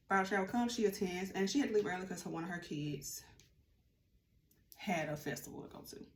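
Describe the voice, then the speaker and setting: A woman vlogger telling a casual storytime, chatty and animated, acting out what others said. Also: medium pitch, a little fast, a little hiss or hum. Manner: chatty, animated, acts out quotes. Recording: roomy room with faint ambience.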